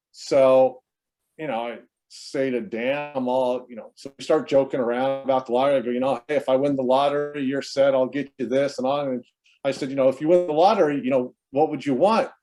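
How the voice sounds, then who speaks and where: A man's voice: medium pitch, a little mellow. A man, brother of the deceased, telling a long story at a memorial over a video call, rambling with many fillers and restarts.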